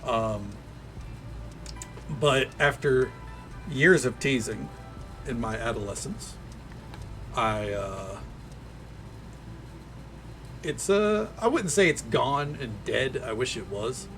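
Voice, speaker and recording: A man's voice: medium pitch, lively intonation, slow, long pauses, fairly bright tone, soft background music. A man with a faint Tennessee Southern accent, chatting casually with viewers while he games, rambling in an easygoing way full of fillers. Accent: light Tennessee Southern drawl. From Tennessee, USA. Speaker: streamer.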